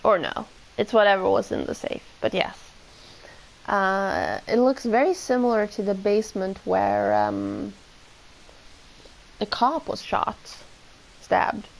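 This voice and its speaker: Gravelly-voiced woman streamer reading game lines. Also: medium pitch, huge pitch swings, takes it slowly, long pauses, poor audio. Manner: chatty, reads lines dramatically and comments between them. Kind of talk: reading game dialogue aloud on a live stream.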